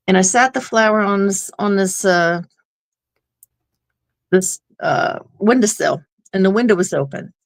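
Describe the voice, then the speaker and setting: A woman's voice: medium pitch, creaky. A woman guest on an interview show, telling a personal story in an earnest, rambling way. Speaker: guest medium.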